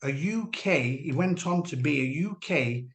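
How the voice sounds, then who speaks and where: A former animal trainer talks through his past in an earnest, halting way. This man speaks slowly, in a fairly high voice. The recording carries a noticeable roomy echo. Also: expressive. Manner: earnest, measured, halting restarts. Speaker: former dolphin trainer, guest. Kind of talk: personal testimony in an interview.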